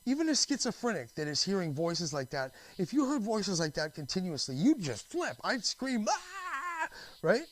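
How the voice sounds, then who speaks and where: A man's voice: sits high, very animated, moderate pace, hardly any pauses, low-quality recording. A man from Canada talking in a rambling, restless monologue, full of restarts, fillers and swearing. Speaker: vlogger.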